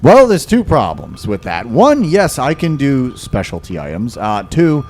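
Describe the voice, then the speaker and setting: A man voicing a frazzled, overworked male blacksmith shopkeeper who talks in hurried, stammering bursts. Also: medium pitch, wildly swooping pitch, darkish tone, slight background noise, voice pushed up. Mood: harried.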